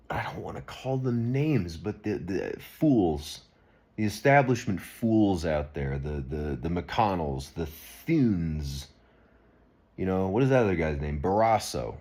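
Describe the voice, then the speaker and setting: A man's voice: low voice, darkish tone. A man talking straight to camera in an unscripted monologue, rambling and earnest with frequent restarts. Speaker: video blogger.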